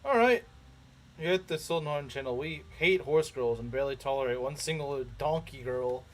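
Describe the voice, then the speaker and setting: A man's voice: medium pitch, moderate pace. A young man giving laid-back, amused commentary while playing a game. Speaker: gamer. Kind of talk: casual let's play commentary.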